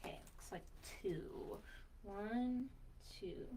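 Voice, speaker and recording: A woman librarian reading a picture book aloud to young children in a sing-song way, pausing to ask questions and count slowly. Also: on the high side, lively intonation, fairly bright tone.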